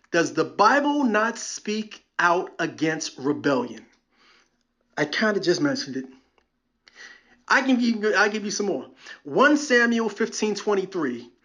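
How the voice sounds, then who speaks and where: A man's voice: sits high, fairly bright tone. A man hosting a solo podcast, quoting scripture and joking wryly in a preachy way. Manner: preachy, wry, quotes scripture and jokes. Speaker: podcast host.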